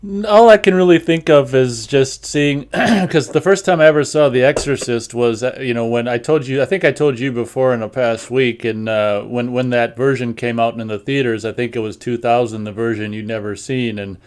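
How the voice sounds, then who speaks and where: A man's voice: medium pitch, steady tone, moderate pace, hardly any pauses, clean tone. A man chatting casually, telling a hesitant, rambling anecdote. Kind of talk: casual chat.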